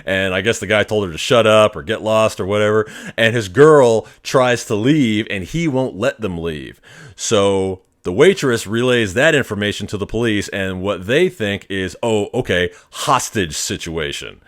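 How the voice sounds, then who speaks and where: A man's voice: lowish voice, moderate pace. A man hosting a podcast, casually telling a long personal story with swearing and chuckles. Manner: animated, profane, chuckling storyteller. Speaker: podcast host.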